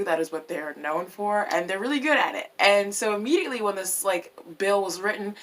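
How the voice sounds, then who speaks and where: A woman vlogging in a casual, animated way, swearing freely and tossing in French words. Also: mid-range voice, moderate pace. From United States. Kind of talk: casual opinion vlog.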